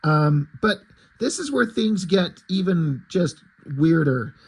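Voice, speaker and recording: A man's voice: sits high, expressive, slow pace, husky, rough recording. A middle-aged man giving a casual comic book review, rambling, sarcastic and swearing freely.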